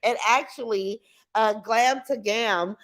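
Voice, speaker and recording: A woman's voice: on the high side, slow. A woman hosting a casual livestream from her couch at home, talking to her chat through her computer in a brash, outspoken, boastful way. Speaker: livestream host reading chat. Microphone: computer mic.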